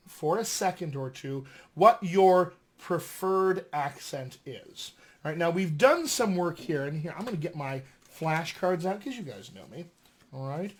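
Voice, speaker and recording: A dialect coach with a mostly General American accent and a high-pitched voice gives a casual recorded lesson at home using flashcards. He teaches in a lively, conversational style peppered with fillers.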